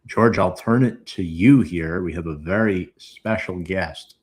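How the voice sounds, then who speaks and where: A man's voice: deep voice, measured pace, slightly rough. A man hosting a podcast in an upbeat, friendly way. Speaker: podcast host.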